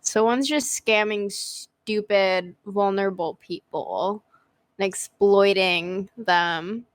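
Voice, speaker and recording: A woman's voice: mid-range voice, takes it slowly, dry recording. A woman playing a tabletop game, talking bluntly and swearing freely in casual chat. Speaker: player.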